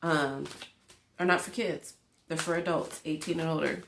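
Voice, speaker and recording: A woman's voice: low voice, fairly even intonation, moderate pace, creaky, roomy sound, a little hiss or hum. A woman host giving a casual tarot reading to a camera at home, rambling and chatty with lots of fillers. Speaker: tarot reader. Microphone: camera in front of her.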